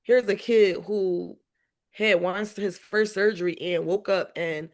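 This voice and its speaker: A woman's voice: medium pitch, slow. Mother, guest on an interview podcast. Emotional but upbeat storyteller, laughs a lot, acts out dialogue. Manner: animated, laughs often, acts out remembered dialogue.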